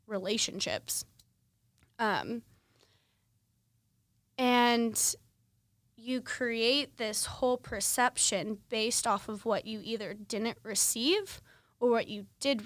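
A young woman hosts a podcast, talking through her own story in a candid, conversational way, full of fillers. Her voice sits in the middle of the usual pitch range for a woman. The recording is dry and close, with no room echo. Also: slow, long pauses. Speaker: podcast host. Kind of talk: personal storytelling monologue.

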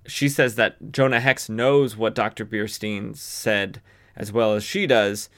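A man's voice: lowish voice, fairly even intonation, unhurried, fairly bright tone. A man from the western United States hosting a podcast, casually recapping a comic book with lots of fillers and self-corrections. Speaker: podcast host.

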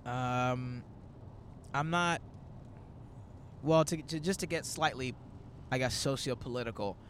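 A young man in his twenties chats loosely from inside a moving car. He tells stories in a rambling, animated way and slips into quoted asides, his pitch sitting in an ordinary middle range. A faint road rumble runs underneath. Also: slow. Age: 20s. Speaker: comedian hosting a road-trip podcast. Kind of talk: casual chat.

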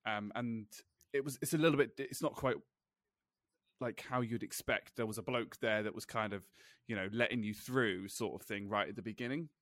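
A man's voice: fairly low pitch, moderate pace, a bit bright, no room sound, studio quality. A British man hosting a casual podcast chat, rambling with frequent restarts and laughing at his own stories. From Britain. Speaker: podcast host.

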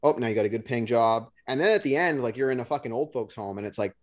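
Young guy on a podcast, chill and rambly, tons of "like", average pitch. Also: lively intonation, quick pace. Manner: laid-back, rambling, filler-heavy. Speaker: podcast co-host. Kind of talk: casual podcast chat.

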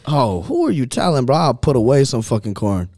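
A young man hosting a casual chat, telling a rowdy night-out story in an animated, profane way and laughing along as he goes. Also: medium pitch, a little fast. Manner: animated, profane, laughs through his stories.

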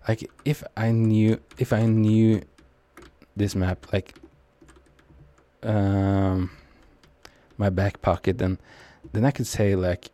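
A man's voice: on the low side, steady tone, slow pace, long pauses, warm tone, dry recording. A young man with a Norwegian accent giving casual, rambling, self-mocking commentary while he plays a shooter. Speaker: gamer commenting on his match.

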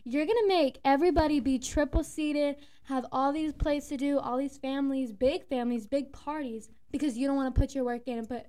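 A young woman, a former restaurant host, telling a work story in casual chat, animated and emphatic. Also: sits high, brisk, few pauses. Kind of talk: casual storytelling among friends.

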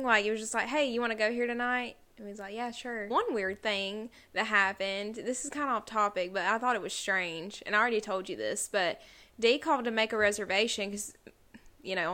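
A young woman with a drawl co-hosts a casual podcast. Her voice is bright and a little tense, and she strings her stories together with "like" and "and then". The chat sounds loose and conversational. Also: medium pitch. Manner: rambling storyteller, heavy use of "like". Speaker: podcast co-host.

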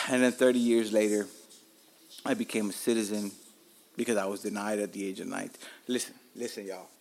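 A man's voice: on the low side, fairly even intonation, moderate pace, creaky, fairly bright tone. A man in his forties with a Miami accent, hosting a podcast and telling stories in a rambling, profane, frank way. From Miami, Florida. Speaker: podcast host. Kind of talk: casual storytelling monologue.

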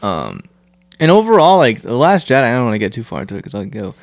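A man's voice: medium pitch, huge pitch swings, fast talker, gravelly, no echo. A man co-hosting a podcast, chatting in an easygoing, offhand way and swearing now and then. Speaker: podcast co-host. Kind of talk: casual chat.

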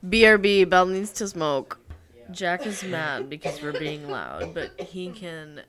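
Slow, lively, bright-voiced woman. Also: lowish voice. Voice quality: swears freely, jokey and self-deprecating. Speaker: podcast co-host. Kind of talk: casual chat.

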